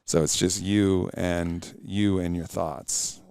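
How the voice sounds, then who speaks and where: Deep creaky-voiced man, reflective guest. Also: fairly even intonation, takes it slowly, a little mellow. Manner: reflective, earnest storytelling. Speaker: podcast guest. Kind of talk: casual interview chat.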